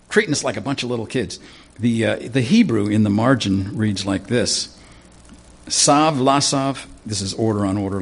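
A man preaching a sermon, reading scripture verse by verse and explaining it in a casual, conversational way, clearing his throat now and then. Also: lowish voice. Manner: teaching through scripture verse by verse, conversational asides.

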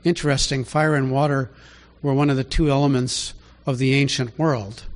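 A man preaching a conversational Bible teaching, asking rhetorical questions and rising in pitch to stress his points. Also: steady tone, normal speed. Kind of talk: sermon teaching.

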